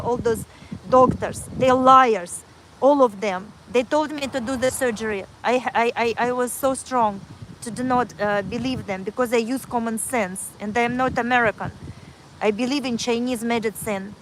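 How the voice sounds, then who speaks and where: A woman's voice: on the high side, normal speed, slight background noise, poor audio. A woman telling a personal story on a livestream in earnest, repetitive, broken English, speaking into a phone. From Kazakhstan.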